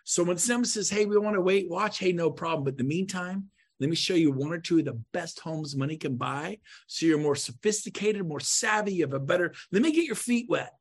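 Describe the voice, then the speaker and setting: On a podcast, a man coaches real estate agents in a brisk, high voice. His style is emphatic and punchy, swinging between loud bursts and quiet asides.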